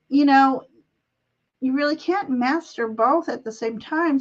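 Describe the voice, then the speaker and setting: A woman's voice: high voice, dull audio. A woman hosting a live tarot reading over a video call, talking in a chatty, giggly, meandering way. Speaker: tarot reader and show host.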